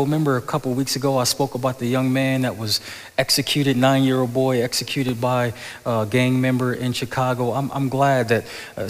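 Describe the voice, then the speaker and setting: A man preaching a sermon as pastor, often stammering and restarting words, then building to impassioned peaks. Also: medium pitch. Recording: long hall reverb.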